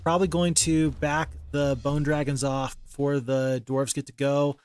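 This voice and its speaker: A man's voice: a little high, level tone, moderate pace, darkish tone, smooth, no room sound. A man giving casual gameplay commentary as a channel host, thinking aloud, counting under his breath and criticizing his own moves.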